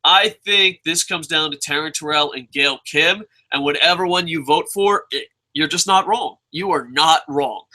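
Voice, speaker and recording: A young man giving his wrestling award picks in a casual, profane, animated vlog, sometimes mocking fans in put-on voices. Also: on the high side, normal speed, poor audio. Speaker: wrestling vlogger.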